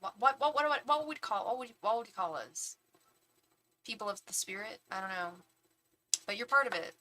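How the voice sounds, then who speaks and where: A woman doing a live tarot reading who chats casually, with frequent restarts, and at times softly repeats an invocation. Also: a little high, fairly quick, a little hiss or hum, low-quality recording. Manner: chatty and animated, with frequent restarts; repeats a soft chanted invocation. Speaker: tarot reader and psychic medium. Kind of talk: casual chat on a live stream.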